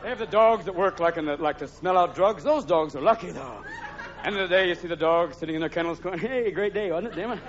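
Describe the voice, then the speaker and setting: Manic high-voiced male comedian. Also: a crowd in the background, noisy background. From United States. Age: 30s. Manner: rapid, manic, leaps into character voices. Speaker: stand-up comedian. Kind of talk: live stand-up comedy. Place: theatre stage before a live audience. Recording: lo-fi live stage recording with loud audience.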